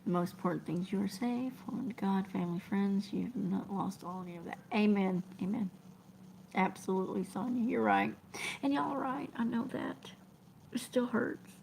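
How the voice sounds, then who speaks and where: A woman, talking to her live-stream viewers in an emotional, halting way that often drops to a whisper. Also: medium pitch, gravelly, darkish tone, slight background noise. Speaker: trucking vlogger reading live chat.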